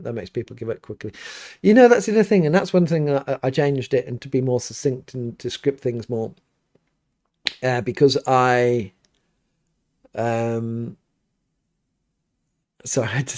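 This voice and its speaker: Vicar guy chatting live from his home studio, loose and rambly, full of fillers, ordinary middle pitch. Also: a little mellow. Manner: rambling, many restarts and fillers. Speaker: priest hosting a livestream. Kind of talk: casual live Q&A chat.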